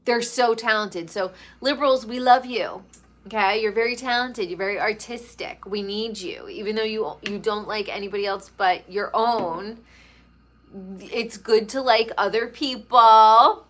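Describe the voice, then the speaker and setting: A woman's voice: on the high side, measured pace, fairly bright tone. A woman from New York chatting casually and gossipily as a pop culture commentator, drawing out her words for emphasis. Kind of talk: casual chat.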